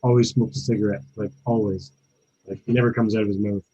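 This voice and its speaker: A man's voice: lowish voice, little pitch movement, fast, warm tone, breathy edge, lo-fi sound. A man chatting casually on a livestream over an online call, laughing easily. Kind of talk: casual group chat.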